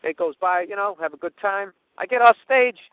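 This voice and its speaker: Comic host, high voice, swearing storyteller, tinny dry lo-fi sound. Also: male voice, brisk, smooth, no echo. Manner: profane, animated, does mocking voices of others. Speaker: comedian podcast host. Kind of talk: storytelling monologue.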